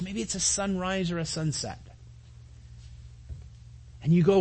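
A man's voice: high-pitched, moderate pace, long pauses, darkish tone. A man preaching a sermon to his congregation, earnest, with repetitions and asides to the listeners. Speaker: pastor.

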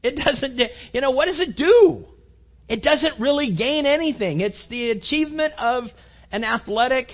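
A male preacher with a notably high voice speaks to a room of young men, rambling through stories with fillers and questions thrown at the crowd. The sound is dull and lo-fi, like an older recording. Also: animated, normal speed. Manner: rambling, chatty, many fillers and rhetorical questions.

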